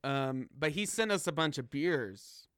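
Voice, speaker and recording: A man's voice: a little high, animated, unhurried, a bit bright, smooth, dry recording, studio quality. A young man co-hosting a casual drinking podcast, laughing often and joking loosely. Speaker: podcast co-host.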